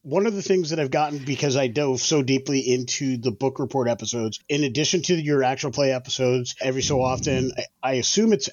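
A man's voice: mid-range voice, fairly quick, no echo. A man hosting a podcast who asks long, rambling questions in a casual chat. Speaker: podcast host. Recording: slightly dull dry sound.

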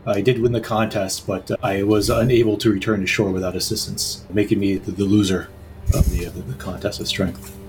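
A man in a tabletop game, recounting a past memory in a halting, thoughtful way. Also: on the low side, level tone, music in the background, low-quality recording. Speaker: tabletop player. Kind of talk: in-character recollection.

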